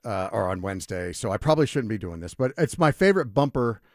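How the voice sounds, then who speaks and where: A middle-aged man hosts a sports radio show from a studio, talking casually and telling rambling, high-energy stories. His voice is on the low side and his pace is quick. The audio is studio quality with no echo.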